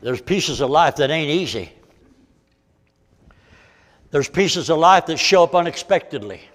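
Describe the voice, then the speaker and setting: Older evangelist, man, fervent and folksy pulpit preaching, slightly high voice, echoing church hall. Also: lively intonation, measured pace. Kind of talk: sermon. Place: church sanctuary. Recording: long reverb of a church hall.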